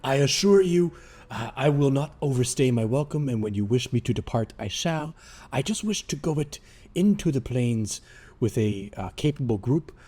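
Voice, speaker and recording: A man's voice: mid-range voice, expressive, moderate pace, mellow, faint music behind, lightly acted. A man voicing a haughty young wizard who speaks in grand, archaic, fawning phrases. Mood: courtly, fawning. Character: haughty pompous young male wizard who abandons his party.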